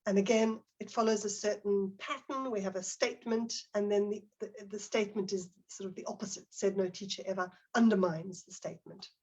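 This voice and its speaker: A woman's voice: medium pitch, steady tone, brisk, hardly any pauses, a little mellow, highs cut off. A middle-aged woman presenting a teacher-training webinar, explaining examples and reading out participants' chat comments.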